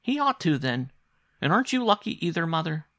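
An eager young boy, played by a man reading a storybook, presses question after question. The voice jumps up high and lively, with a dry, close sound. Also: a little fast, vocal fry, no room sound, exaggerated voice. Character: curious, insistent young boy.

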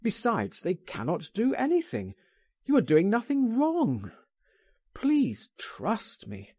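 A man voicing an urgent, impatient friend pleading and insisting, raised and animated in a storybook reading. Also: sits high, slow pace, breathy edge, dry recording, clean studio sound, voice pushed up, full character voice.

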